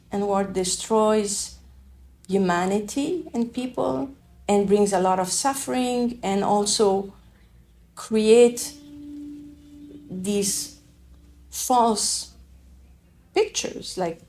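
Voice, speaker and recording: A woman from Afghanistan, a refugee giving a personal testimony in a reflective, halting way. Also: mid-range voice, a little mellow. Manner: slow, reflective, halting phrasing. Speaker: refugee telling her story.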